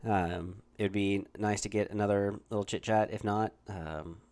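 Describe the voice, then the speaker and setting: Host, laid-back and rambling, low voice. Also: male voice, fairly even intonation, moderate pace, a little mellow. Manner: easygoing, rambling with many fillers and restarts. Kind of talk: casual livestream chat.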